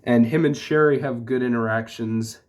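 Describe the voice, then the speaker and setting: A man's voice: mid-range voice, steady tone, normal speed, darkish tone. Man giving a rambling casual review. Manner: rambling, full of "like" and restarts. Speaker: TV show reviewer.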